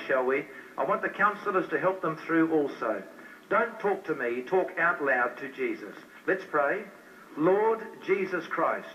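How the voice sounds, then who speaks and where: A male preacher with a bright, forceful voice urges people forward at a church service. He repeats his invitations with urgency, then slows to measured phrases as he leads a prayer. The live recording catches him from a distance and sounds muffled. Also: a little high, slight background noise. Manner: slow, measured phrasing when leading prayer. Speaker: evangelist preacher.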